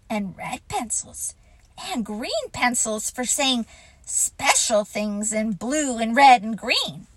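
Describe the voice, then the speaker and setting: A woman reading a children's story aloud in a gentle, unhurried way. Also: a little high, no room sound, low-quality recording.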